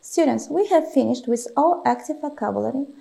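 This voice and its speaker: Woman teacher, slow careful english lesson, high lively voice, dark gravelly tone. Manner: slow, deliberate, stretches example words, frequent "uh" pauses. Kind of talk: classroom lesson, dictating vocabulary and explaining grammar.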